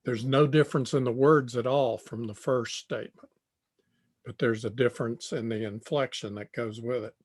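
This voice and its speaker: An older man giving a tutorial lecture on communication, speaking deliberately and repeating phrases as he thinks. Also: medium pitch, fairly even intonation. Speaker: tutorial presenter.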